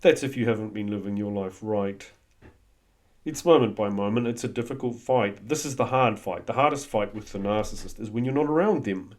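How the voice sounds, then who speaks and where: A man's voice: fairly low pitch, brisk, darkish tone. A man giving a blunt, coaching-style talk that is peppered with swearing. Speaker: host. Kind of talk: motivational monologue.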